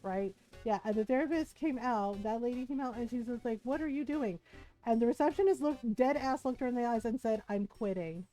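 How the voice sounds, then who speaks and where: A woman's voice: a little high, a little fast, few pauses, soft background music. A woman streamer telling a personal story in casual chat, full of "right?" and "like", acting out the people she quotes. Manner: animated retelling, acts out quoted people; many fillers like 'right?' and 'like'.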